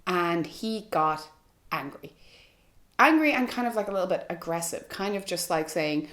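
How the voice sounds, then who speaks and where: A woman's voice: on the low side, expressive, normal speed, a bit bright. A young woman vlogger telling a personal story to camera, candid and frank, with lots of "like" and "you know". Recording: echoey room.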